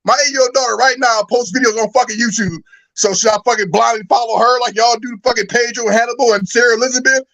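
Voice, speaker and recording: A man's voice: very high voice, steady tone, fast talker, gravelly, fairly bright tone, low-quality recording. A man ranting on a livestream, exasperated and cursing at nearly every turn. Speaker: guest on livestream. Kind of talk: heated casual debate. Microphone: video call.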